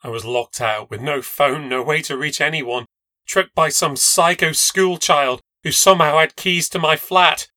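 A man's voice: on the high side, steady tone, a little slow, bright, forceful tone, no echo. A man narrating a first-person ghost story with a tense, dramatic delivery. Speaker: podcast narrator.

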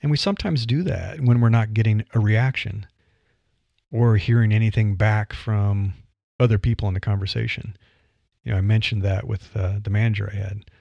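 A man hosting a solo podcast, coaching listeners in a casual conversational way with changing pace and pauses. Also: fairly low pitch, steady tone, gravelly, a little mellow, no room sound, lo-fi sound. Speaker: podcast host. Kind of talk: solo podcast advice monologue.

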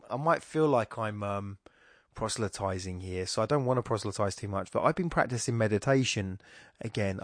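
A man's voice: lowish voice, no echo, clean studio sound. A middle-aged man hosting a podcast, talking casually in a rambling, self-interrupting way with wry asides. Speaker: podcast host. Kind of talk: casual monologue.

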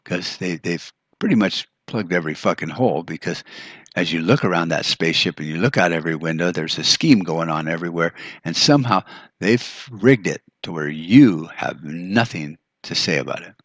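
A very low, husky man rants on his podcast, swearing freely and turning sarcastic as he goes. The sound is dry and close, with little room around it. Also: lively intonation, moderate pace, a bit bright, dry recording. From United States. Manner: angry, profane, sarcastic ranting. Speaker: podcast host. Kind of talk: ranting monologue.

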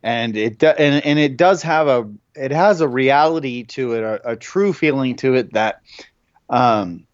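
A man's voice: medium pitch, a little slow, dry recording. Male podcast host, rambling storyteller, dry muffled mic sound. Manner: anecdotal, many restarts and fillers. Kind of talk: casual film chat.

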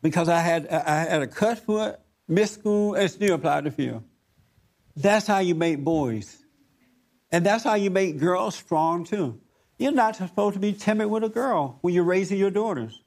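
Male host type, slightly high pitch, drives points home by repeating them. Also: animated, unhurried, a little mellow. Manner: emphatic, preachy, repeats his points. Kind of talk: talk show discussion.

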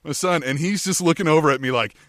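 A man's voice: on the high side, quick pace, dry recording, clean studio sound. A man, co-hosting a podcast in casual chat, telling stories with lots of swearing. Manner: animated storyteller, swears freely. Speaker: podcast co-host.

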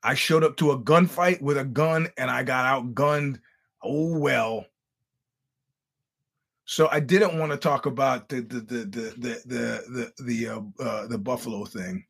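A man's voice: medium pitch, moderate pace, creaky, hardly any pauses, a bit bright, slightly rough. A man hosting a podcast, telling stories in a casual monologue, wry and blunt, acting out the quoted dialogue and often stammering over restarts. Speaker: podcast host.

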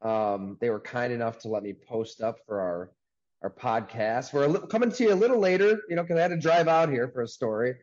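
A man hosting a casual sports podcast over a video call from a sports bar, talking in an upbeat, chatty way with quick asides. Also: medium pitch, darkish tone, highs cut off. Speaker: podcast host.

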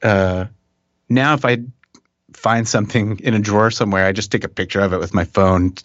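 A middle-aged man, a musician guest, telling stories in a relaxed, chuckling way with many restarts. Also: on the low side, a little fast, no room sound. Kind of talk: casual interview chat. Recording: dull dry podcast audio.

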